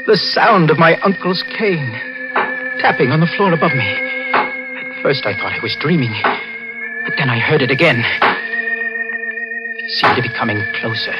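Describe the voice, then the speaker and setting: This is a jittery young nephew with blood on his hands, his lively voice pitched a little high and swinging all over as he stammers. Music plays under him on an old radio recording. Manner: nervous, stammering, rising to panic. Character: young man, guilt-ridden nephew turned murderer. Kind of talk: 1940s radio drama acting.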